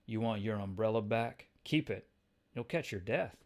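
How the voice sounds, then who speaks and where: A man voicing a grim, gruff middle-aged vigilante in a low, flat, menacing tone. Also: normal speed, natural voice.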